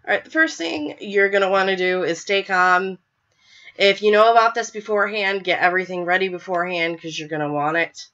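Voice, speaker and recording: Woman host with a cold, stuffy, bright and forceful, chatty and a bit apologetic, dull webcam sound. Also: mid-range voice, brisk. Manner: chatty, filler-heavy, apologetic. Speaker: podcast host. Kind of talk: casual live show chat.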